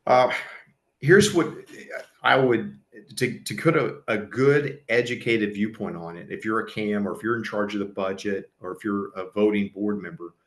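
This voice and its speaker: Man, low voice, earnest conversational seminar presenter, echoey room. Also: normal speed. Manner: earnest, conversational, frequent restarts and fillers. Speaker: pool service company presenter. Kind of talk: educational seminar talk.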